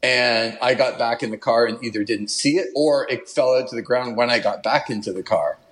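A man who is a podcast guest, telling a travel story in an animated, casual way and laughing as he goes. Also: medium pitch, fairly quick. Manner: animated, laughs while telling, puts on an Italian accent for quotes.

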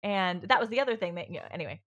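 A woman's voice: medium pitch, expressive, very fast. A woman on a podcast, telling her own story in casual chat, rambling and candid, with many fillers and restarts and some swearing. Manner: swears freely.

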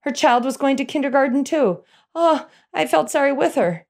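A middle-aged woman telling a personal story in an animated way, chuckling as she goes. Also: sits high, moderate pace.

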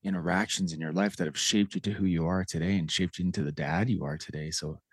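A man's voice: sits low, fairly even intonation, fast, husky, dry recording, clean studio sound. A man hosting a podcast interview, with an earnest, heartfelt and reflective manner. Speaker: podcast host, educator. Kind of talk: casual interview.

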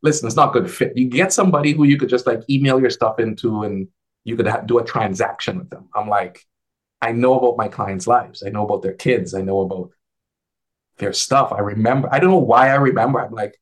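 A man talking casually as a guest on a video call, an advisor who tells animated stories and acts out the dialogue in a lifted voice. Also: mid-range voice, brisk. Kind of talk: casual conversational storytelling.

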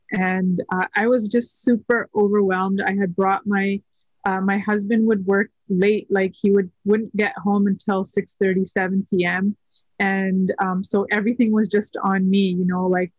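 A woman's voice: mid-range voice, dry recording, highs cut off. Hesitant woman sharing a personal story. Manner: soft-spoken, hesitant with many fillers. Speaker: podcast guest. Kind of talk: personal story in casual conversation.

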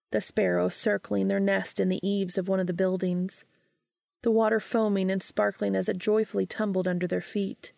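A woman narrating a story aloud in a calm, even storytelling manner. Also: medium pitch, creaky, dry recording, studio quality. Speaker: podfic reader. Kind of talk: audiobook narration of fan fiction.

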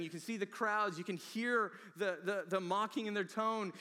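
A man preaching in a big church hall, his fairly high voice ringing out with a long reverb tail. He swings from near-whispers to loud, emphatic bursts as he drives each point home. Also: animated, brisk, few pauses. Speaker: pastor. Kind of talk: sermon.

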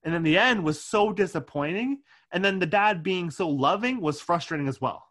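Co-hosting a relaxed podcast chat reviewing a movie, this man speaks at a moderate pace in a high voice. The film clearly frustrates him, making him animated and prone to swearing when worked up.

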